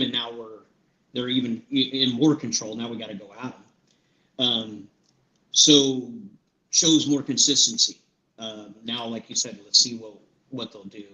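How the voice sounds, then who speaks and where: A man coaching paintball, reflecting on practices and matches on a podcast. His tone is bright and forward, and he pauses with "um" often. The sound is roomy and echoey. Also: medium pitch. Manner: reflective, recounts practices and matches, many ums. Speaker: paintball coach and show panelist. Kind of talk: casual podcast analysis.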